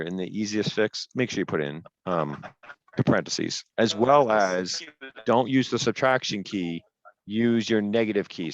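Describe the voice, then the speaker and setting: A man walks his class through each step with patience and leans hard on the rules. His voice sits a little low and comes through a headset on a dull, lo-fi call line with a dry, close sound. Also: dry recording. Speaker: teacher. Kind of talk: online class lecture.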